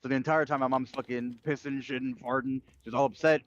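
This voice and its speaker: A fast-talking man rants through a story on a livestream, swearing freely in loose casual chat. His voice comes through a dull, lo-fi mic. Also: medium pitch, steady tone, a little hiss or hum. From United States. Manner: profane ranting storytelling. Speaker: streamer.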